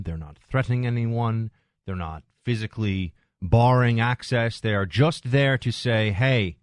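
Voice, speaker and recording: A male radio host talking through calls and upcoming segments, with joking asides and quick restarts. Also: lowish voice, dry recording, studio quality. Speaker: radio talk show host. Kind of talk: talk radio monologue and call-in chat. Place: radio studio. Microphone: close studio mic.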